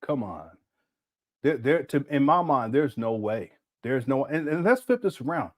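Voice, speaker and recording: A man's voice: mid-range voice, sing-song, moderate pace. A man in his late forties hosting a casual reaction commentary, mocking and laughing as he talks. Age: 40s. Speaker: commentary host.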